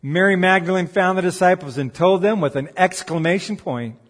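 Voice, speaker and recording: Male pastor, slightly higher voice, emphatic sermon delivery, recorded in a big reverberant hall. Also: brisk. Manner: preaching with rising emphatic peaks and quiet asides.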